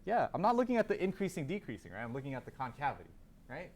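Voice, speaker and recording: A man's voice: fairly high pitch, wildly swooping pitch, rapid-fire, a little mellow. Math teacher guy in class, voice bounces up and down a lot, keeps asking "what?" then answers it himself. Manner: asks the class questions and answers them himself; repeats key terms with emphasis. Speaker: calculus teacher. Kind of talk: classroom lecture.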